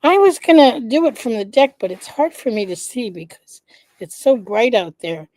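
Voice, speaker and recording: A congested woman hosting her live vlog in a casual, chatty way, often pausing with "um" and greeting viewers by name. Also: fairly high pitch, very animated, darkish tone, dry recording. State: congested, nasal stuffiness. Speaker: vlog host, founder of an organization. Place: indoors at home.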